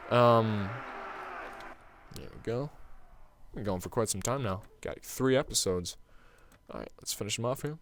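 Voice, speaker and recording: A man's voice: lowish voice, a little slow, long pauses, a little hiss or hum. A young man hosting a gaming channel who tells a meandering story over his gameplay. He talks casually and fills his sentences with "um" and "like.". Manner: casual and meandering, heavy on fillers like "um" and "like".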